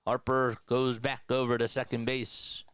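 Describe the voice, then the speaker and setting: Bright, crisp-voiced man calling baseball. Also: a little slow, no echo. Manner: energetic, chats with viewers between pitches. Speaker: play-by-play streamer. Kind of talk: live baseball play-by-play with chat banter.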